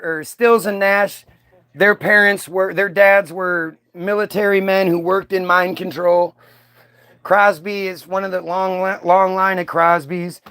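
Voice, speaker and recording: A man's voice: sits high, a bit bright. A man hosting a profane, rambling rant monologue, full of restarts and swearing. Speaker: host.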